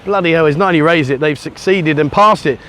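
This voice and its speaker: This UK vlogger is a middle-aged English man whose fairly high, slightly bright voice moves at a quick clip. Strolling a sunny beachfront next to a busy road, he rambles casually with self-deprecating remarks, holding the camera at arm's length as distant traffic hums faintly.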